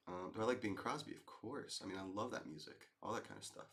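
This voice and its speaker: A man's voice: fairly low pitch, quick pace, hardly any pauses, fairly bright tone. Laid-back man chatting with his stream. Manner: laid-back, rambling, says dude and man. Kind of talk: casual chat reading viewer comments.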